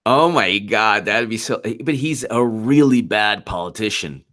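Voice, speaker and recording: A man's voice: on the low side, expressive, unhurried, fairly bright tone. A man hosting a political livestream, reacting to polls and chat with frequent giggles and mockery. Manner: giggly and mocking, often laughing. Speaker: political commentary livestream host. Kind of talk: live commentary, reading chat.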